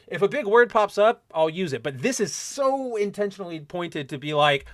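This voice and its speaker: Animated young man ranting solo. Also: sits high, moderate pace, no room sound, studio quality. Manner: animated ranting, mocking quoted voices. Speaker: podcast host. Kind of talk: casual solo commentary.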